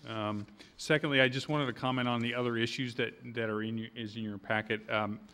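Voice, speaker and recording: A man's voice: medium pitch, steady tone, fairly quick, sharp tone. A man speaking at a public planning meeting as village staff, plain and a little hesitant.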